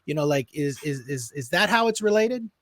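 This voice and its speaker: A man with a slightly high voice hosts a casual interview on a video call. He sounds close and dry, and he talks in a loose, searching way with frequent fillers. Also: fairly quick, dry recording. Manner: relaxed, hesitant, many fillers and restarts. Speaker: podcast host.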